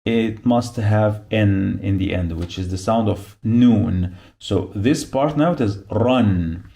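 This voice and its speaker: A man's voice: fairly low pitch, slow pace, gravelly, mellow. A man giving a beginner phonics lesson, repeating each sound and syllable patiently as he explains the marks. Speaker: Arabic teacher.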